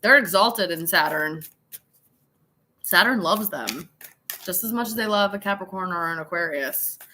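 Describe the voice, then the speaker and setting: A woman's voice: lowish voice, moderate pace, pushed and bright, a little hiss or hum. A tipsy woman giving a casual live tarot reading, chatty and laughing, with swearing and dramatic asides. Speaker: tarot reader.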